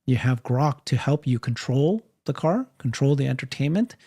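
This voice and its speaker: A man co-hosting a podcast, talking in a casual, animated way, often laughing and restarting his sentences. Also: medium pitch, moderate pace. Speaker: podcast co-host. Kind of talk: casual panel chat.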